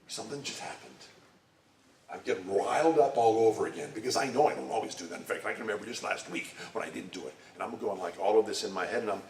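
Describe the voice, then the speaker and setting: A man's voice: lowish voice, quick pace, creaky, darkish tone, a little hiss or hum. A man giving a conversational talk to a church congregation, often putting direct questions to his listeners. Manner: engages the audience with direct questions. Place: church sanctuary. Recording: echoey room, distant mic, faint ambience.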